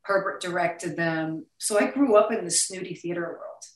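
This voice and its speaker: A woman in her fifties with a New York accent, a guest talking in a casual interview, blunt, profane and quick to laugh. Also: lowish voice. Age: 50s. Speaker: actress guest. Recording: roomy sound, distant from the mic.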